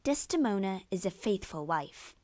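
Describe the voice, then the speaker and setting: A woman's voice: medium pitch, sing-song, normal speed, dark tone, no room sound, close to an everyday voice. A woman voicing an outspoken, loyal maidservant who speaks indignantly and insists. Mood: insistent.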